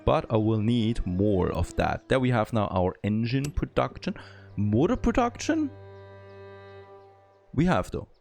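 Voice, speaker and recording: Low gravelly guy, not a native english speaker, chatting through a builder game, faint music under it. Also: normal speed, few pauses. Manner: thinking aloud, easily excited, frequent "there you go". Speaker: gameplay commentator. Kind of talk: let's play commentary.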